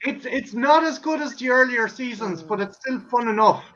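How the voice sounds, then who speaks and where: A man's voice: very high voice, normal speed, bright, forceful tone. A man hosting a casual chat who swears freely, laughs and acts out comedy scenes. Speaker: podcast host. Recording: dull lo-fi audio.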